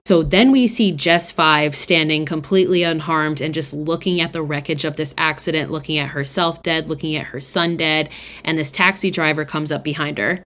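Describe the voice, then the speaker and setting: Young woman podcaster, low voice, chatty recap, swears a lot, says like constantly. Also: fairly bright tone. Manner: chatty, swears often, fillers like "like". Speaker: podcast host. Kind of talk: casual film recap.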